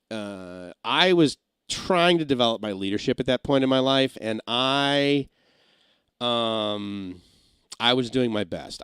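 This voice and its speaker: A middle-aged man who used to be a radio engineer, chatting casually on a livestream, rambling through stories and slipping into quick comic impressions. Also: mid-range voice, clean tone, no echo. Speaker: live streamer and former radio engineer. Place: home in Massachusetts.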